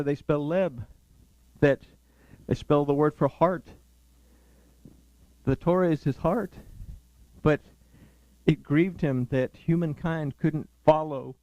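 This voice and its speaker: A man's voice: on the high side, darkish tone, dry recording, rough recording. A man teaching a Sabbath sermon in an earnest, emphatic way, explaining words and scripture with shifting pace.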